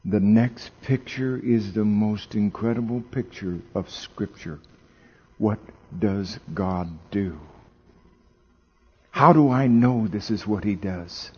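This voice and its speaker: A man preaching a sermon, swinging from hushed storytelling to loud, exclaiming emphasis, and asking the audience questions. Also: fairly low pitch, takes it slowly, slightly rough, highs cut off.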